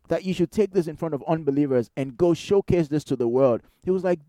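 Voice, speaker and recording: Guy preaching in church, chatty and animated, warm dark voice. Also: a little high, fairly quick, hardly any pauses, no echo. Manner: animated, conversational preaching with rhetorical questions. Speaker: pastor. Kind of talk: sermon.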